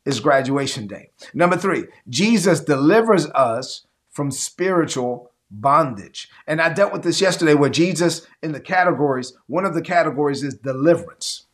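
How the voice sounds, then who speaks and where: Emphatic male preacher, higher voice. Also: expressive, moderate pace, hardly any pauses, fairly bright tone. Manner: emphatic, repetitive preaching with calls for audience response. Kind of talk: sermon; livestreamed teaching to an online audience.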